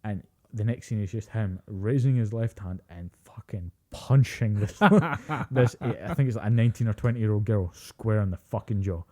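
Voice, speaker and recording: A young man co-hosting a casual podcast, his voice low and very dark. He tells stories with lots of swearing and acts out what people said. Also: moderate pace, hardly any pauses. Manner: animated storytelling, heavy swearing, acts out quotes. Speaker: podcast co-host. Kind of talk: casual chat.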